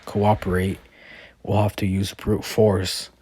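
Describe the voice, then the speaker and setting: A man's voice: fairly low pitch, flat delivery, takes it slowly, mellow, husky, no echo. A man voicing a brash, aggressive male hero in a fan-made spoken story, reading the quoted lines plainly.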